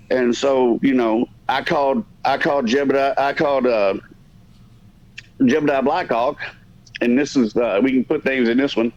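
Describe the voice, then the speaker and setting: On a podcast, a man with a mid-range voice spins out a lengthy tale at a moderate pace, casual and full of swearing. He rambles and keeps interrupting himself, all captured in dull, lo-fi sound.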